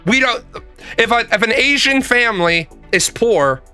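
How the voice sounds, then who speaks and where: A man rants casually, swearing freely and repeating lines for emphasis. His voice sits high with a bright, forceful tone. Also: animated, unhurried, clean tone, faint music behind. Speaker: commentator. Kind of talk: casual profane rant.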